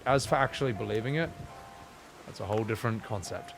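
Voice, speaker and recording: A man's voice: on the low side, quick pace, creaky. A man streaming a game, rambling casually to chat with plenty of swearing, game music behind him.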